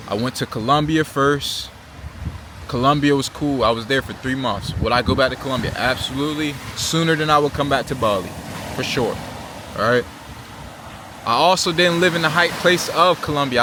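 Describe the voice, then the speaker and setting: A young man from Virginia Beach, Virginia, USA, with an American accent and a mid-range voice, talks casually to the camera as a travel vlogger over a noisy background. He's earnest and slangy, often ending sentences with "right?" and "you know?".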